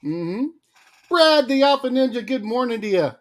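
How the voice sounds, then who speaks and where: A man co-hosting a casual livestream, lively and quick to laugh as he greets viewers by name. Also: very high voice. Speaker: livestream co-host.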